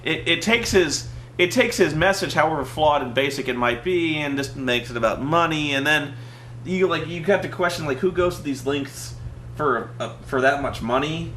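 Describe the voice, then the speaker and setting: A man's voice: on the high side, lively intonation, normal speed, fairly bright tone, reverberant, a little hiss or hum. A man who is a movie reviewer, chatting casually and animatedly with his brother, stammering and acting out quotes from the film.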